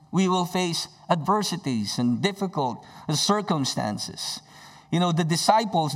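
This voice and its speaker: A man delivers a sermon in a fairly high voice. He retells scripture dramatically, rising sharply for emphasis and dropping low and soft for quiet lines. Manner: dynamic preaching with sudden swings in pitch and volume. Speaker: pastor.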